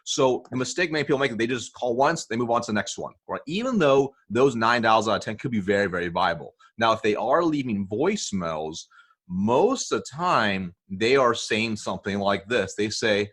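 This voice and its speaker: A man's voice: fairly low pitch, expressive, moderate pace, a bit bright, breathy edge. A man explaining a sales technique in an interview, checking in often with "okay?" and "right?". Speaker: sales coach guest.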